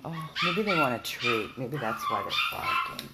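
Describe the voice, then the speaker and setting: A woman's voice: extremely low pitch, animated, moderate pace, few pauses. A woman who runs a dog rescue, chatting casually with viewers and talking to her dogs between thoughts. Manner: chatty, talks to viewers and dogs, repeats words. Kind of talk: casual live video chat. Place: indoor rescue house with barking dogs. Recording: noisy home recording.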